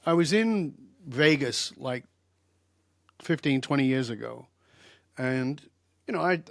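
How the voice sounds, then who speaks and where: Slow and gravelly, this older man's mid-range voice comes through a dry, clean studio recording. Appearing as a guest expert in a podcast interview, he's an animated storyteller who speaks directly and with emphasis.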